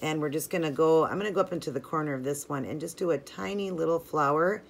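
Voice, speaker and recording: A woman with a notably low voice walks through a nail art tutorial in a relaxed, chatty way. She fills her talk with "like" and "you know" while working with her hands. A faint hiss of noise sits under the voice. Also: quick pace, vocal fry. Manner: chatty and friendly, filler-heavy ("like", "you know"). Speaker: nail art channel host. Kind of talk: casual step-by-step tutorial narration.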